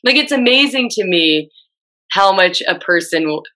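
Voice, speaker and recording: A woman's voice: mid-range voice, animated, normal speed, bright, forceful tone, rough recording. A young woman co-hosting a candid talk about grief. She speaks earnestly and bluntly about caregiving. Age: young adult. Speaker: co-host.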